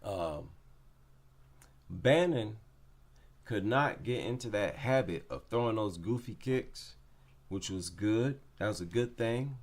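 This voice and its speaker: Giving a casual, opinionated breakdown of MMA fights, this commentator repeats his points for emphasis. His voice is on the low side and animated, and he speaks slowly with frequent pauses.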